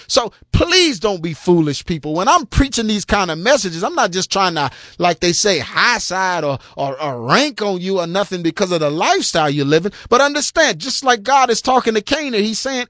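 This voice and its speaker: A man's voice: high-pitched, big pitch swings, normal speed, hardly any pauses, fairly bright tone, no room sound, studio quality. A man preaching a sermon in a colloquial, emphatic and scolding way.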